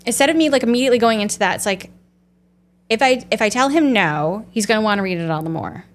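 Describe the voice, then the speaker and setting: A middle-aged woman telling a personal story in a casual podcast chat, animated and often acting out what she said. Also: fairly high pitch, quick pace. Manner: animated storytelling, often acting out her own quoted dialogue. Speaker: podcast co-host.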